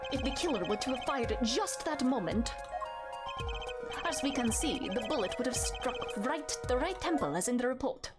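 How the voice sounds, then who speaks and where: Brief: a woman playing a grandiose young male student witness, German accent, high and swooping, loud game music under. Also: expressive, moderate pace. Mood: pompous. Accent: put-on German. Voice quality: grandiose, theatrical.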